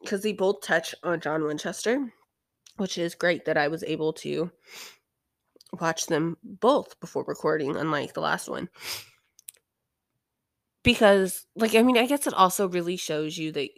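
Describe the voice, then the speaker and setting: A young woman with a lowish voice talks through a TV episode in loose, chatty recap mode. She is irreverent, drops the odd swear and sighs between thoughts. The recording is close and dry, with no room sound. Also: dry recording. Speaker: podcast host. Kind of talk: casual recap commentary.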